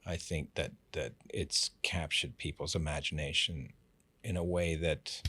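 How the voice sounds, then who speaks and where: An older man, a guest actor, telling animated anecdotes in a casual interview. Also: rumbling low, a little slow, slightly rough, dry recording. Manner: animated storyteller, lively anecdotes.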